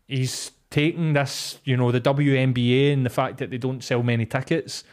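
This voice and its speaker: A man's voice: medium pitch, steady tone, normal speed. A Scottish man co-hosting a comedy podcast, talking in a rambling, offhand, sweary way. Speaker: podcast co-host. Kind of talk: casual comedy podcast chat.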